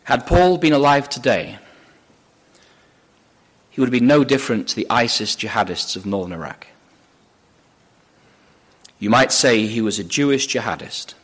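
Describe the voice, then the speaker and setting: With medium pitch and lively intonation, a man preaches at a moderate pace, pausing often. Reading scripture from slides in a church or lecture hall, he speaks emphatically and rises on the quoted lines.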